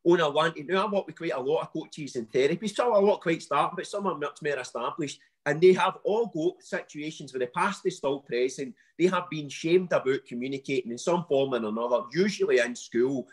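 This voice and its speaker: A man with a West of Scotland accent, a coach talking as a podcast guest in an animated, emphatic and blunt way, using local slang. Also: medium pitch, husky. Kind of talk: podcast interview, motivational talk.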